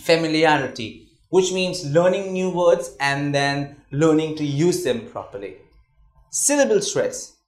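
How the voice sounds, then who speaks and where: A communication trainer with a voice on the high side leads a classroom lecture in an unhurried, expressive way. He's conversational, repeats words, and keeps checking in with "all right?" The sound is roomy.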